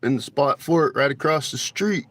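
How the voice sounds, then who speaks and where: A man's voice: mid-range voice, moderate pace, fairly bright tone, dry recording. A man hosting a casual phone livestream at night, laid-back and joking with viewers, cursing freely. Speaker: livestream host. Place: outdoors at night near a store parking lot. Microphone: phone camera.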